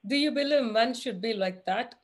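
A woman's voice: on the high side, moderate pace. Earnest woman asking probing questions. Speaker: podcast host.

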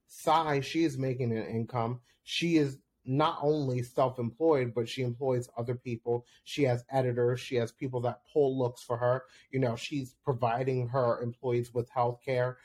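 A man hosting his own reality TV recap podcast, chatting casually and expressively, with frequent laughs and his voice jumping up when he gets excited. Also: mid-range voice, moderate pace, hardly any pauses.

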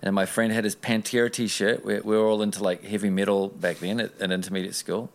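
Casting: New man, low gravelly voice, earnest rambling storyteller. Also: flat delivery, fairly quick. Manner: earnest, rambling, with many restarts. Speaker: interview guest. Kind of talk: casual personal storytelling.

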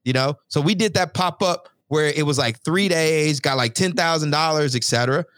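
A man hosting a podcast, talking business in an animated, slangy way, often saying "yo" and "et cetera". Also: fairly high pitch, moderate pace, no echo. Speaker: podcast host and business coach. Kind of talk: energetic casual interview.

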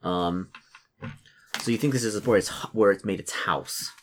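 A man's voice: on the low side, a little slow. A young man narrating as game master, rambling with many fillers and restarts.

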